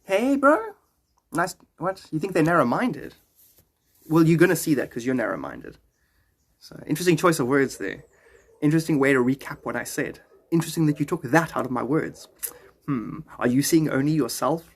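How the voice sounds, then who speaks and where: Husky-voiced man rambling on a livestream. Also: on the high side, expressive, fairly quick. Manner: rambling, joking, chuckling often. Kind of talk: casual livestream chat.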